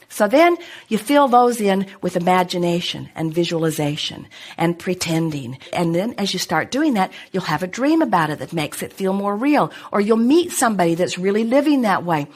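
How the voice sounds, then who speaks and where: A middle-aged woman giving a spiritual teaching talk to an audience, speaking calmly and emphatically of herself as "we". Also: on the high side. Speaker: inspirational speaker answering audience questions.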